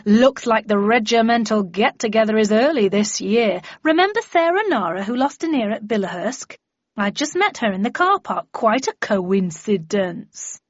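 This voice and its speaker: A woman's voice: on the high side, expressive, normal speed, no room sound. A woman reading an audiobook, voicing a hearty, sociable older military man. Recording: dull lo-fi dry recording.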